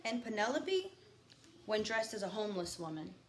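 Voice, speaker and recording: A woman teacher reading a novel aloud to her students, stopping for quiet teaching asides. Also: medium pitch, sing-song, moderate pace. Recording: echoey room with faint background noise.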